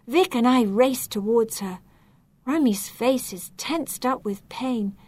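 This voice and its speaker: A woman narrating a storybook reading in a measured, clear, deliberate way. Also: fairly high pitch, a little mellow, dry recording.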